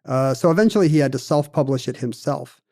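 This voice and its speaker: A man's voice: medium pitch, quick pace, darkish tone. A man co-hosting a casual podcast, telling a story in a wry way with plenty of fillers. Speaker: podcast co-host.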